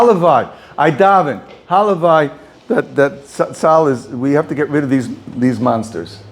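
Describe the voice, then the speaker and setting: A man, a rabbi, giving an informal talk to a small group, often repeating and restarting words. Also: a little high.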